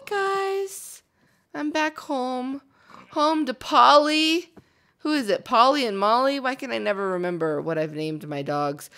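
A young woman casually commenting on her own gameplay, chatty and excitable, chattering to herself and to the game animals. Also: mid-range voice. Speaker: gaming video host.

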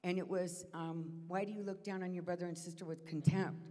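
A woman's voice: lowish voice, fairly even intonation, mellow. Woman giving a testimony in a reverberant church. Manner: emotional, halting storytelling with restarts. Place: church sanctuary.

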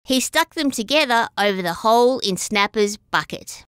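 Bright, lively woman storyteller. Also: on the high side, normal speed, clear, resonant tone, dry recording, studio quality. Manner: warm, expressive, sing-song. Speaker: children's storyteller. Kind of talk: reading a children's story aloud.

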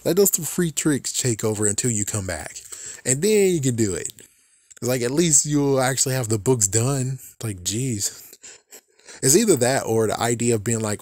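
A man rambling through a casual book review, slangy and quick to laugh, with exaggerated asides. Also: medium pitch, very animated, a little mellow, no echo, clean studio sound.

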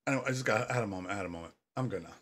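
A gaming commentator jokes his way through a horror game, yelping at the scares and talking back to the story. He speaks very fast in a fairly low, slightly bright voice.

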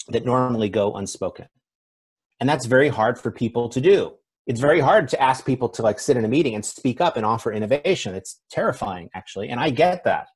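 A man's voice: mid-range voice, darkish tone, husky. A man speaking as a conference speaker in a conversational, self-deprecating keynote, with frequent fillers. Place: event stage.

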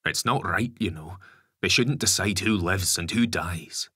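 A man's voice: low-pitched, unhurried, sharp tone, no room sound, clean studio sound, heavily acted. A man voicing a blunt, sardonic ex-convict father in an audiobook. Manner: gruff, swears casually. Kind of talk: audiobook character voice.

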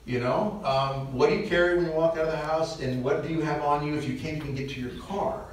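A man's voice: fairly high pitch, fairly even intonation, quick pace, distant mic, a little hiss or hum. Joking middle-aged man in an echoey church. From Nebraska. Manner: conversational, joking, with frequent asides and chuckles. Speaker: parish mission speaker. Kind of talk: casual talk to a church audience. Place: large church.

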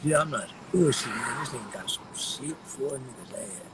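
A man rambling to the camera while high, giggling through his words, teary-eyed from laughing, with a loose, slangy way of talking. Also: normal speed, very noisy. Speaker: vlogger. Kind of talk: rambling stoned chat to camera.

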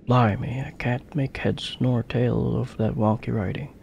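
A man's voice: mid-range voice, fairly even intonation, a little slow, vocal fry, a little mellow, highs cut off, slight background noise. A man doing a brash cheeky fairy sidekick. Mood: mocking.

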